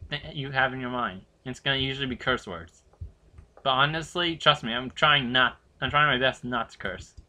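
Bright-voiced teen guy gaming. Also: on the high side. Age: teens. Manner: jumpy, swears loudly when scared; rambling, chatty asides to viewers. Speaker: gaming channel host. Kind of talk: horror game let's play commentary.

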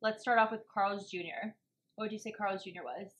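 A woman's voice: medium pitch, a little fast, fairly bright tone. A young woman co-hosting a casual mukbang vlog, bubbly and a little bossy as she runs the burger ratings. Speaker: vlog co-host.

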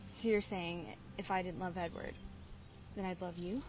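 An actress playing an awkward teenage girl torn between two suitors, halting and deadpan in a parody sketch. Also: fairly low pitch, noisy background, close to an everyday voice.

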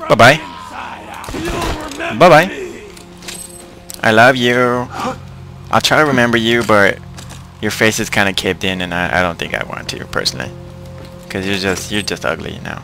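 A man's voice: lowish voice, moderate pace, creaky, long pauses, bright, forceful tone. A young man casually commentating a video game, joking and talking to the enemies on screen. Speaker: gameplay commentator. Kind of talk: casual let's-play commentary. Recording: game music playing behind. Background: game music.

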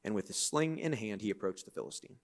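A man preaching a sermon in a church, reading scripture and breaking into lively, conversational, joking asides. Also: fairly low pitch, fast. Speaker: pastor.

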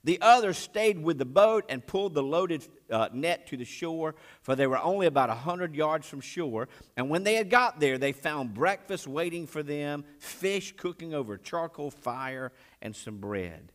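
Expressive male pastor preaching. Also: a little high, moderate pace, hardly any pauses. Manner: expressive preaching, voice rising and dropping sharply while retelling scripture; married. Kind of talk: sermon.

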